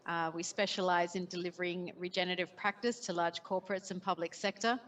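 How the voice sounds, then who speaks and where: Australian woman CEO, low-ish pitch, composed panel intro. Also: steady tone, fast talker, a bit bright.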